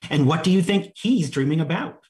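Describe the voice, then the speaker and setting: A man's voice: on the high side, animated, brisk, a little mellow, a little hiss or hum, voice pushed up, natural voice. A man voicing Alice, an earnest, indignant young girl, in a raised, plaintive tone during a sermon reading.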